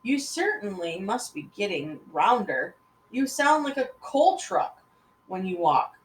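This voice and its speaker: A woman voicing a frazzled husband with painfully sharp hearing, shouting in alarm. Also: mid-range voice, big pitch swings, measured pace, distant mic, slight background noise. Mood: grumbling. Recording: roomy echoey room.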